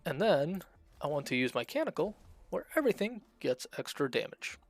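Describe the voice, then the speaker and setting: A man streaming a strategy game, chatting casually and thinking out loud as he plays, with frequent fillers and restarts. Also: a little high, very animated, a little fast, no room sound. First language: Russian. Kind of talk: casual gameplay commentary.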